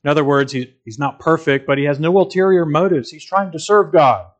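A man's voice: fairly high pitch, a little fast. A man preaching a sermon in an earnest, emphatic way, repeating phrases for stress.

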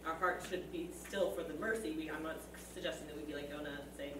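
A woman speaks up in a class discussion, hesitant and full of fillers. Her voice is very low, and she sounds far from the mic in an echoey room. Clear room noise sits behind her. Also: steady tone, fast. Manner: hesitant, many fillers, laughs easily. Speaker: class participant. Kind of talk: comment in group discussion.

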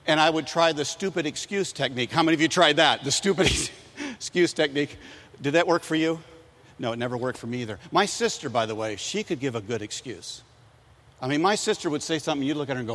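A man preaching a sermon to young people, animated and telling stories that he acts out in loud voices. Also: on the high side, brisk, big-room sound.

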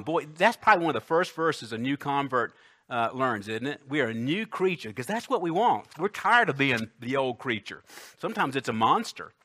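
A man preaching a sermon, emphatic, swinging between loud declarations and hushed asides, reading scripture slowly. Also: medium pitch, lively intonation. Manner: reads scripture aloud slowly and deliberately.

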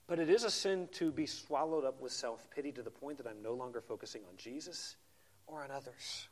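A man preaching a sermon in a conversational, animated way, often repeating words as he goes. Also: medium pitch, brisk.

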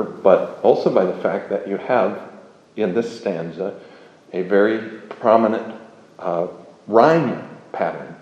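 A man giving a classroom lecture, speaking in a measured, deliberate way with pauses and fillers. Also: sits low, a little mellow, highs cut off. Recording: echoey room, faint room noise.

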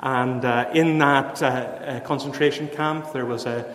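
A man preaching a sermon in an earnest way. He lifts his voice for emphasis and then drops to a hushed voice to tell a story. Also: medium pitch, fairly even intonation, unhurried. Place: church. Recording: echoey church hall.

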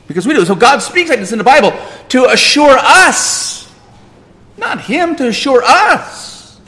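A male pastor preaches with a high voice that leaps across a wide range. He hammers points home by repeating phrases and quizzing the congregation. His voice rings out in a church with a long reverb. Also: sharp tone. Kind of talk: sermon.

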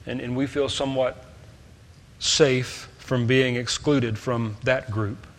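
A male preacher gives a sermon in a mid-pitched, steady voice, taking his time. He preaches emphatically, climbing to loud, stressed points before dropping into quiet asides, and a long reverb hangs behind him as though in a large church hall.

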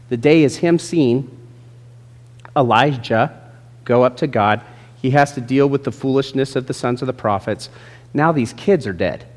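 A male pastor preaching a sermon with lively, joking asides to people in the congregation. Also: on the high side. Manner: lively, jokes with congregation members by name. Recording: long reverb in a large hall.

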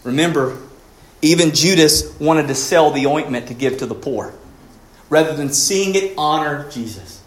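A man, a pastor, preaching a sermon, rising to emphatic peaks and dropping quiet again. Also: fairly high pitch, normal speed, echoey room.

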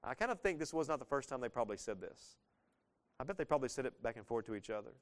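A man's voice: mid-range voice, expressive, fast talker. A man in his thirties, a pastor giving a casual, earnest verse-by-verse sermon with sudden swells of emphasis.

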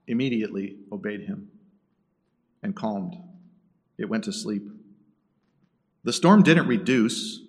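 A man preaching a sermon, dropping to a hush and rising to loud bursts. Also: on the low side, animated, takes it slowly, long pauses. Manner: dramatic swings between hushed and loud. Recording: echoey hall from a distance.

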